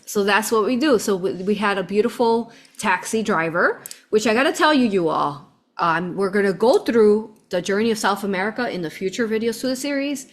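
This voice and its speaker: A spiritual vlogger talks straight to camera, her medium-pitched voice brisk and full of lively intonation. She tells her viewers a travel story in a fervent, rambling way, often addressing them as "you all."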